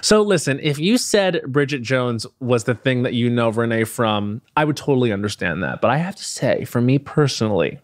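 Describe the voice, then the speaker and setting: Man, podcast host, medium pitch, dry close mic, cheeky scripted intro. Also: expressive, moderate pace, hardly any pauses, no room sound. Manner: playful, gossipy, jokey asides.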